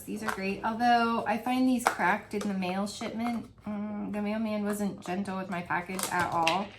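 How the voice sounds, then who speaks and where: A woman chatting casually in a home review video, gushing and laughing often as she describes her favorite scents. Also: medium pitch. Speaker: wax melt reviewer. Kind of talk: casual product review vlog.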